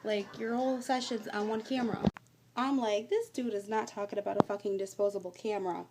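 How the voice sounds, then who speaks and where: A woman's voice: mid-range voice, fairly even intonation, a little fast, very noisy. Young woman vlogger, brash storyteller, profane and exasperated, recorded on a phone. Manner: profane, exasperated, acts out both sides of a chat. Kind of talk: casual storytime vlog. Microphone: phone or webcam.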